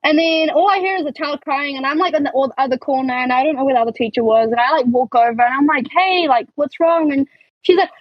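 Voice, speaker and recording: A woman's voice: sits high, fast talker, no room sound. A young woman co-hosting a podcast in casual chat, telling stories with many fillers and restarts. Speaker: podcast co-host. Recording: dull lo-fi, dry sound.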